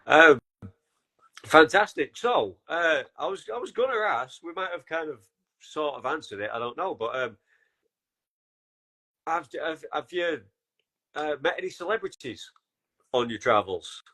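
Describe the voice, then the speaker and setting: A man's voice: a little high, expressive, a little slow, long pauses, bright, forceful tone. A man hosting a podcast, asking questions hesitantly with lots of fillers and laughter. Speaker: podcast host. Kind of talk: casual podcast chat.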